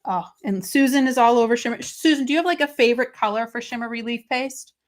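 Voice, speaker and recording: A woman's voice: fairly high pitch, quick pace. A woman hosting a live papercrafting stream, chatting casually with viewers and reading their comments while she works. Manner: chatty, reads viewer comments aloud, excitable. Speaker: host of a live crafting stream.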